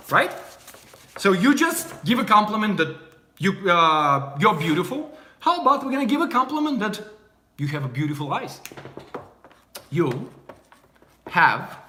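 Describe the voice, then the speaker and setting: A young man from Russia with a Russian accent, giving a casual language lesson and repeating phrases slowly and clearly. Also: high voice, very animated, pushed and bright, reverberant, slight background noise. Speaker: language teacher.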